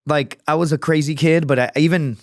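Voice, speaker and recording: A man who is a podcast guest, telling stories in a casual, profane and animated way, acting out other people's voices as he goes. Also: fairly high pitch, a little fast, dry recording, studio quality. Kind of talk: casual storytelling. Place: podcast studio.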